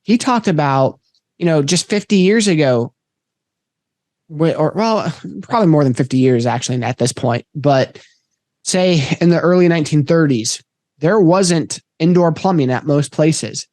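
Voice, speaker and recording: A man's voice: a little high, animated, normal speed, darkish tone, no room sound, studio quality. A man hosting a podcast, talking in a reflective, conversational way. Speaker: podcast host. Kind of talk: casual podcast interview.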